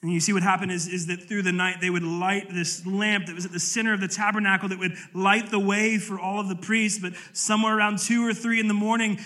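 A male pastor delivers an earnest, emphatic sermon to a church congregation. His voice sits high for a man and rings bright. He reads scripture and presses his points with conviction. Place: church service.

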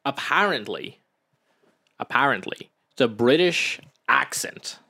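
A man's voice: medium pitch, big pitch swings, slow pace, gravelly, bright, forceful tone. A young Irish man co-hosting a casual podcast, telling stories at length and acting out quotes. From Ireland. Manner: chatty storyteller, acts out quotes in raised voices. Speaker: podcast co-host. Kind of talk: casual chat.

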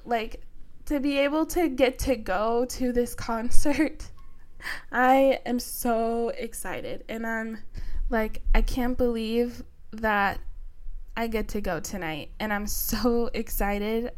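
A young woman hosting a podcast, chatting casually with lots of fillers and excited, emotional gratitude. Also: fairly high pitch, takes it slowly. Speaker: podcast host. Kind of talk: casual chat.

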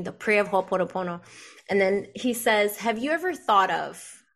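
A woman, a podcast guest telling a personal story in an animated way and acting out the dialogue. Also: medium pitch. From the Bronx, New York. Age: 40s. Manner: animated, acts out quoted dialogue, frequent "like".

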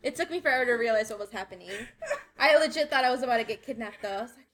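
Quick, profane woman, slightly high, friends' chat. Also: a bit bright. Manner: blunt, swears freely, dramatic storyteller. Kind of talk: casual chat.

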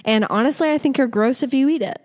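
A woman's voice: high voice, fast, darkish tone. A woman co-hosting a podcast in casual chat, blunt and emphatic, teasing her co-host.

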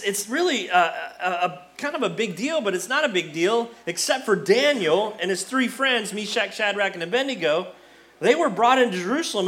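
Guy preaching, high voice, tells the story all animated, does the characters' lines. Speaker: pastor. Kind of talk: sermon.

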